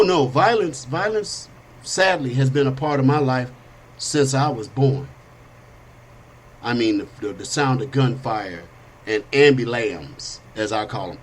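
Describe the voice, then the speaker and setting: A middle-aged man with a Californian accent, hosting a talk show and telling stories in a lively, animated way that acts out sounds and quotes. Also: high-pitched. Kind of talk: casual storytelling monologue.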